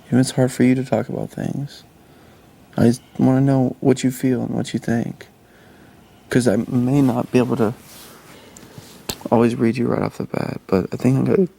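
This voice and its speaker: Earnest man with a gravelly voice. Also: medium pitch, flat delivery, normal speed, pauses often, warm tone. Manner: earnest, reassuring, with restarts. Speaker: reality show houseguest. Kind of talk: intimate casual talk.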